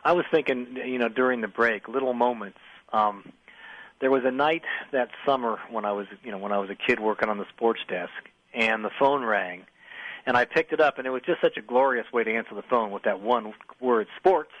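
A man's voice: medium pitch, a little fast, no echo. An older man, an author, reminiscing as a guest in a radio interview, telling stories with many restarts. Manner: storytelling, many restarts, acts out voices in anecdotes. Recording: slightly dull radio audio.

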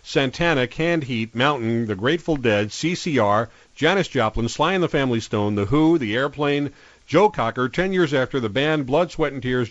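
Smooth male radio host, dry studio. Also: medium pitch, no echo, highs cut off. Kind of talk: radio interview hosting.

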